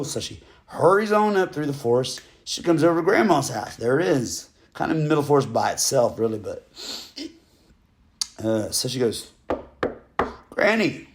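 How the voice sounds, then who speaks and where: A man's voice: medium pitch, vocal fry. A man telling a fairy tale as a comic folksy story, rambling with digressions and joking asides.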